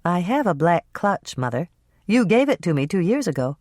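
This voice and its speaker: Young baker woman, wry and patient, a bit higher, narrator doing her, close dry sound. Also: very animated, moderate pace, a little mellow, no room sound.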